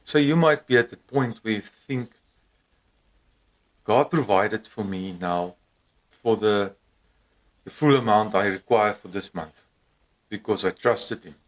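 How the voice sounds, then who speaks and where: A man with a fairly low voice talks to the camera in a casual, encouraging way. He speaks very slowly, pausing often and filling the gaps with fillers. English is not his first language. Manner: hesitant, with many pauses and fillers. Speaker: vlogger.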